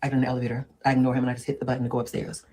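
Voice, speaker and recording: A performer doing Big Deborah, a sassy husky woman. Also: mid-range voice, completely flat delivery, very fast, darkish tone, natural voice, poor audio. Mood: sassy lecturing. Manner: preachy, sassy, calls listener girl and honey. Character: sassy middle-aged woman giving dating advice. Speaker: relationship advice monologue. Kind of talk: comedic character monologue.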